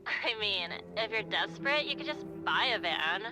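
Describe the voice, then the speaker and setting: A woman's voice: medium pitch, animated, moderate pace, music in the background, close to an everyday voice, low-quality recording. Shrugging game sidekick girl, voiced by an actress, casual drawl, voice bounces up and down a lot. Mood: laid-back. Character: reluctant young woman accomplice, laid-back. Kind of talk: game voice acting.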